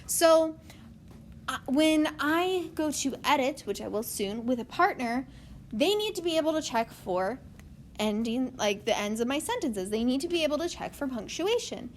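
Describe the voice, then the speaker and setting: High-voiced woman teaching a writing lesson. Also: very animated, normal speed, a little hiss or hum. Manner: explains step by step, often adds okay.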